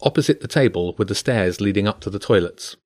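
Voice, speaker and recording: Guy reading a bedtime story, lowish voice, dry close sound, steady pace. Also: quick pace, no echo. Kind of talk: scripted bedtime story narration.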